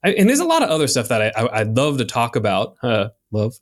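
A man's voice: mid-range voice, huge pitch swings, fast talker. A young man co-hosting a podcast in casual chat, talking in a chatty, jokey way with plenty of fillers. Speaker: podcast co-host.

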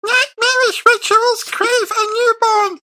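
A man voicing a meek, hunched bagman servant in a squeaky falsetto, reading slowly. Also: steady tone, bright, forceful tone, exaggerated voice. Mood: timid.

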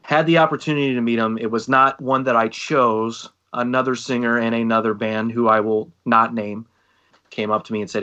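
A man's voice: mid-range voice, normal speed, highs cut off. A man in his thirties co-hosting a casual podcast, telling stories and acting out other people's lines. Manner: animated storyteller acting out quotes. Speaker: podcast co-host and band singer.

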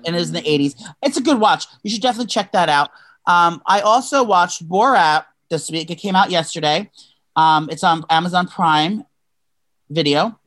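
Bright-voiced young man gossiping. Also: high-pitched, normal speed. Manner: rambling, gossipy, many fillers and restarts. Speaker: podcast co-host. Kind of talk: casual gossip chat.

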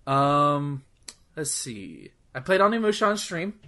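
A man's voice: on the high side, very animated, unhurried, bright, forceful tone. A man co-hosting a podcast, chatting casually about video games, rambling with lots of "like" and swearing freely. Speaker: podcast co-host. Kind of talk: casual gaming chat.

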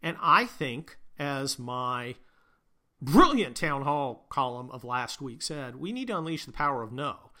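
Sarcastic, profane man with a bright voice. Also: medium pitch, very animated, measured pace. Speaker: podcast host. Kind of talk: sarcastic political rant.

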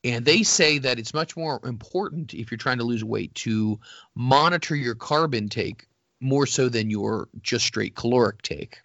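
A man's voice: medium pitch, unhurried, a bit bright, no echo, dull audio. A man chatting casually as a co-host, rambling and poking fun at himself. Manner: rambling, self-deprecating, laughs often. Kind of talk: casual banter.

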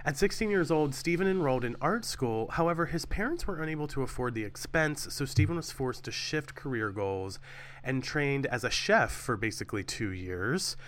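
A man from the United States co-hosts a casual true crime podcast in a middle-pitched voice. He jokes around and wanders into quick asides before getting back to the story. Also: lively intonation, fairly bright tone. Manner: jokey, rambling, quick asides. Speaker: podcast co-host.

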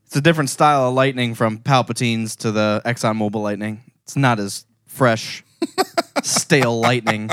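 A man joking around while reacting to a movie, playful and quick to laugh. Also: medium pitch, steady tone, a bit bright, clear, resonant tone, no room sound, studio quality. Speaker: movie commentator. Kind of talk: casual movie reaction chat.

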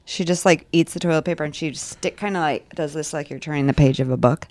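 A woman guest on a podcast, chatting casually with blunt, crude, deadpan humor. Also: deep voice, fast talker, no echo. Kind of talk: casual chat.

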